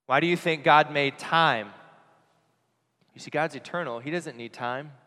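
A priest giving an earnest Christmas homily, asking rhetorical questions and dropping softly on key phrases. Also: male voice, fairly high pitch, measured pace. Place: church. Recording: long church reverb.

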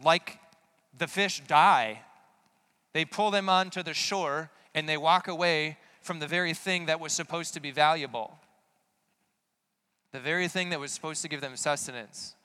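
A man's voice: on the high side, fairly even intonation, moderate pace, bright, forceful tone, clear, resonant tone. A man giving a conversational sermon, asking many rhetorical questions. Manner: casual, full of rhetorical questions. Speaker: preacher.

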